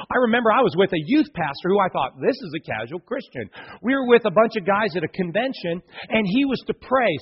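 A man preaching a sermon in a lively, conversational way, acting out quoted voices with playful emphasis. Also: sits high, slightly rough, lo-fi sound. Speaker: pastor.

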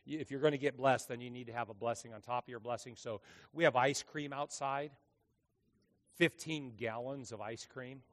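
A man's voice: medium pitch, moderate pace. A middle-aged man preaching a sermon as pastor, telling stories with jokes and acting out the voices of people in them. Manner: animated, joking storyteller who acts out voices.

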